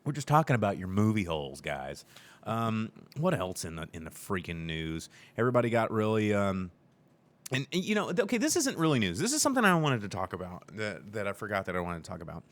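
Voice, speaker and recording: A man co-hosting a casual live-stream chat about movies, telling stories with a lively, animated delivery. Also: fast. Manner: animated storytelling, acts out people in high silly voices. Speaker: podcast co-host. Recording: live-stream show recording.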